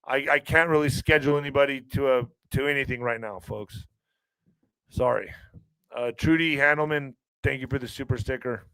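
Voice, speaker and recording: A middle-aged man talks casually on his livestream, earnest and rambling as he breaks off and restarts his sentences. He sounds worn down and strained. His voice is smooth and clear, recorded close and dry. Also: mid-range voice, normal speed, bright, forceful tone, dry recording, low-quality recording. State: emotionally strained and weary. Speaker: livestream podcast host. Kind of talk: casual livestream chat reading viewer comments.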